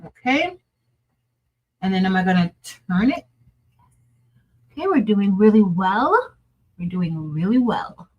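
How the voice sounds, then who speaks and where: Slow-talking woman chatting while crafting. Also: mid-range voice, very animated, a little mellow, highs cut off. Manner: chatty, muttering to herself while working, laughs often. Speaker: crafting livestream host. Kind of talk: casual think-aloud crafting stream.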